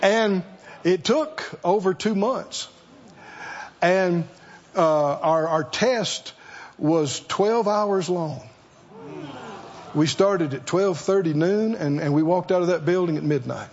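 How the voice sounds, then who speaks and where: A man's voice: sits high, slow, darkish tone, dull audio. A man preaching a sermon, throwing rhetorical questions at the congregation and calling for responses.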